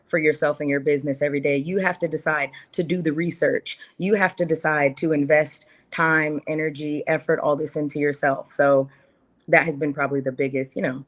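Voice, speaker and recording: A woman's voice: low voice, steady tone, brisk. A woman guest talking candidly in an interview, earnest and heartfelt, repeating phrases for emphasis. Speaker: podcast guest.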